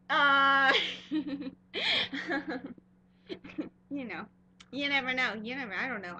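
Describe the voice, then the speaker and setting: Gushing over what she's a fan of, a young woman rambles in a casual vlog, leaning heavily on fillers. Her voice is fairly high and sharp, with a little hiss or hum on the recording.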